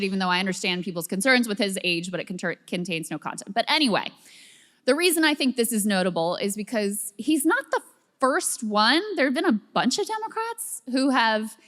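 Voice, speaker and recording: A woman's voice: mid-range voice, fairly bright tone. Woman, co-host, casual political chat, laughs often, long reverb. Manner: chatty, laughs often, explains step by step.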